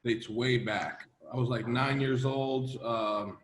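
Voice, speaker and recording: A man in his thirties from Latvia, a strongman guest telling his story in a steady, measured way in a casual interview. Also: mid-range voice, a little hiss or hum. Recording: roomy echo.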